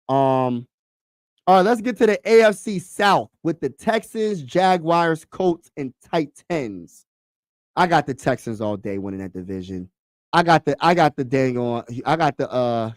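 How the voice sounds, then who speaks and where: A man hosting a casual sports talk livestream, excitable and slangy, repeating himself and talking to his chat. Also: mid-range voice, no room sound, clean studio sound.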